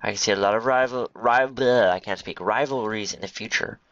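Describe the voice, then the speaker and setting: A man's voice: lowish voice, fairly quick, fairly bright tone, no room sound. A man giving casual, jokey gameplay commentary, rambling to himself as he builds. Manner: rambling, jokey, talks to himself and to game creatures. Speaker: gaming video host. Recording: dull lo-fi home recording.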